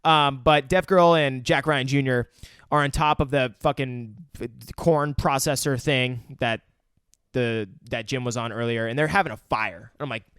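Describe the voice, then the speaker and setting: A man co-hosting a casual podcast, recapping a movie in an animated, profane way and jumping into the characters' lines. He speaks at a middle pitch into a close microphone, and the recording is dry with no room sound. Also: moderate pace, clean tone, dry recording. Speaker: podcast co-host. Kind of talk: casual movie review chat.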